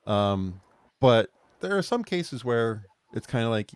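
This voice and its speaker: A man's voice: medium pitch, big pitch swings, slow, clean tone. A man hosting a casual political chat stream, rambling with many fillers and restarts and laughing at himself. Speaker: podcast host.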